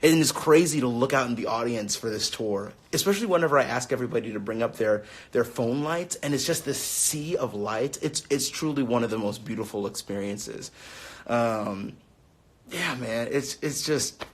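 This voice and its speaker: A young man in his late twenties talks casually into his phone on a live stream, reading out fan questions. He is upbeat and chatty, laughs easily and fills pauses with ums, at a mid pitch. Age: 20s.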